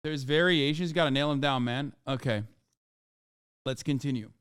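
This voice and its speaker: Streamer man, sweary live reactions, smooth, dry sound. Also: medium pitch, normal speed, a bit bright, no echo. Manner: profane, incredulous outbursts. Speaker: livestream host.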